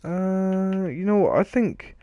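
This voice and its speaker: A man's voice: high voice, expressive, a little slow, dark tone, no echo, highs cut off. A man casually commenting on his own video game play, rambling and joking at himself, often trailing off mid-sentence. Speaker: gaming video host.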